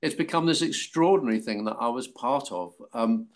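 An older English actor, appearing as a guest in an anecdotal interview, animatedly recounts stories from his career. His mid-range voice moves fairly quickly, and he laughs often while acting out quoted voices.

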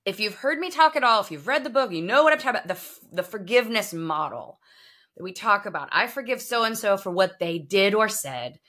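A woman's voice: mid-range voice, animated, fairly quick, a bit bright. A woman hosting a faith-based podcast, encouraging her guest with frequent affirming murmurs and explaining her teaching as she talks. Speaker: podcast host.

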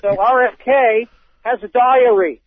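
A man's voice: extremely high pitch, fairly even intonation, unhurried, dry recording. A man co-hosting a talk radio show, wryly reading news quotes aloud with many hesitations. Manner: wry, reads quotes aloud with many ums. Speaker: radio co-host. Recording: tinny phone-like radio sound, dry.

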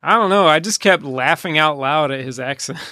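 A man's voice: fairly high pitch, moderate pace, sharp tone, no room sound, clean studio sound. A man co-hosting a podcast, chatting casually and arguing his points with easy laughter. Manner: casual, argumentative, laughs easily. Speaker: podcast co-host. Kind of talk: casual chat.

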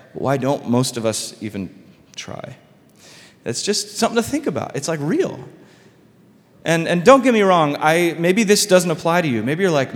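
A man's voice: high-pitched, in a large hall. A man preaching a sermon as pastor, casual and conversational, full of fillers and asides. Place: church sanctuary.

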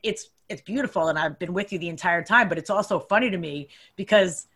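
A young woman in casual chat, animated and quick to laugh as she recalls stories. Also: on the low side, breathy edge.

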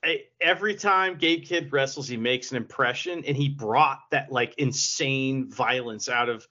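A man's voice: mid-range voice, moderate pace, sharp tone, lo-fi sound. A man co-hosting a podcast, talking casually and enthusiastically about wrestling, with lots of "like" in his speech. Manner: enthusiastic, laughs along, sprinkles in "like". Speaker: podcast co-host.

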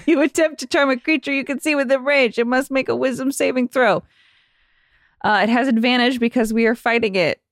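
A woman's voice: sits high, moderate pace, no echo, studio quality. Playful woman player at a tabletop game. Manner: playful, giggly, reads spell text aloud.

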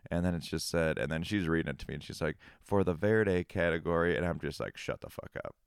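A man's voice: deep voice, steady tone, fast talker, clean tone, no echo, studio quality. A young man from Minnesota who makes hot sauce, chatting casually on a podcast, laid-back, laughing often and swearing freely. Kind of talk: casual chat.

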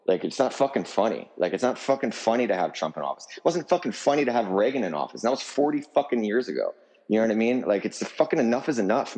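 A man's voice: lowish voice, a little mellow, long reverb tail, rough recording. A man being interviewed as a musician guest, talking in a fired-up, profane, emphatic rant. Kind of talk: heated interview talk.

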